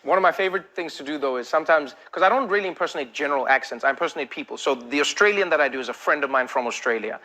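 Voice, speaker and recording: A man telling stories casually in a backstage interview, laughing often and slipping into quick impressions. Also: a little high, pushed and bright. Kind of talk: casual storytelling.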